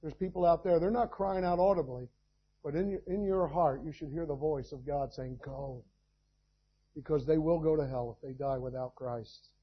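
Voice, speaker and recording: A man preaching a sermon, telling stories and then rising in loud bursts of emphasis. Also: a little high, moderate pace, husky, dull audio. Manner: preaching with sudden loud climbs.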